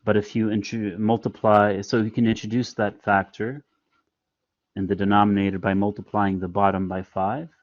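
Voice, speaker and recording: A man's voice: on the low side, little pitch movement, moderate pace, no room sound, highs cut off. A man explaining a math lesson in an online class, patient and step by step with frequent fillers. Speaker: math instructor. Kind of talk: online lecture.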